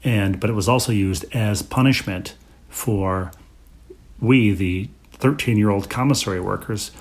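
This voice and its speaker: Low-voiced wisecracking man co-host. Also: unhurried. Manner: dry, wisecracking quips. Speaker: podcast co-host. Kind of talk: casual chat.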